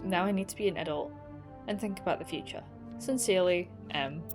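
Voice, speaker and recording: A woman's voice: on the low side, brisk, over music, lightly acted. A woman reading aloud the love letters of a young woman from the 1940s, in a tender, then resigned, manner.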